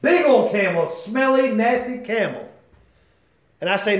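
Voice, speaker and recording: Impassioned high-voiced male preacher, echoey room. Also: lively intonation, measured pace. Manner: impassioned, swings between shouting and near-whispering; addresses listeners by name. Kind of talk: sermon.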